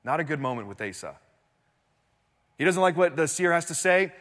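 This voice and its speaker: A man preaching a sermon in a church, telling the story with animated swings between loud and hushed delivery. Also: fairly high pitch, normal speed, big-room sound. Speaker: pastor.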